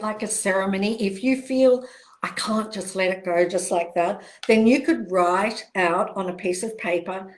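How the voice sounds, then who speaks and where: An older woman speaks on a live-streamed question-and-answer session. Her delivery is gentle and reassuring, with soft pauses and phrases repeated for emphasis. Her pitch sits in a middle register for a woman. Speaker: self-help author hosting a live Q&A.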